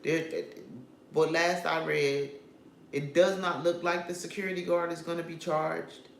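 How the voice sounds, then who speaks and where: A woman's voice: sits low, level tone, unhurried, creaky, slight background noise. A woman vlogger giving casual, opinionated commentary on celebrity news, talking straight to her viewers. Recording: roomy echo with faint ambience.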